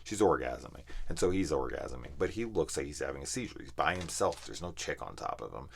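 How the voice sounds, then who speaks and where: A man's voice: extremely low pitch, lively intonation, fairly quick, gravelly, breathy edge. A man reviewing a horror film in casual, profane, exasperated ranting.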